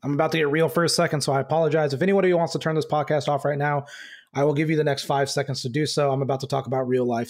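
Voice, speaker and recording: A man hosting a basketball podcast, talking in an angry, halting way with many fillers and restarts. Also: a little high, steady tone. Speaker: podcast host. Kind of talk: casual podcast talk.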